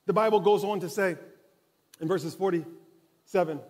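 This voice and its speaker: A man's voice: sits high, normal speed, a little mellow. A man preaching a sermon in a church, telling a story with dramatic, building intensity. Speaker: pastor. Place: church sanctuary.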